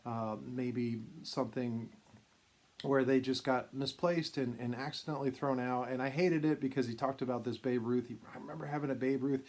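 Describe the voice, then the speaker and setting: A man's voice: mid-range voice, steady tone, moderate pace, a little mellow. A man hosting his own channel, casually telling a long personal story with many fillers and restarts. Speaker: vintage card collector and channel host.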